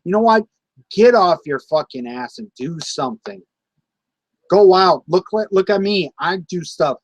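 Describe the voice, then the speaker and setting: This wrestling vlogger, a man in his late twenties, fumes at wrestling fans on camera, cursing and repeating himself. His voice sits high, with lively intonation and a somewhat slow delivery. The audio is poor, with no echo.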